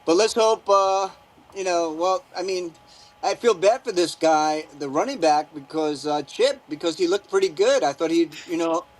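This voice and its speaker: A man calling in to a live sports fan show, chatting casually and haltingly, often repeating his words. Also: high-pitched. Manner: halting, repeats words, laughs mid-sentence. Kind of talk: casual phone-in chat.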